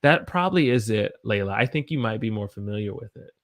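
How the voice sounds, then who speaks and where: An animated man with a lowish voice and a Southern US accent teaches English pronunciation while chatting with viewers. He speaks slowly and repeats example words over and over, responding to their comments.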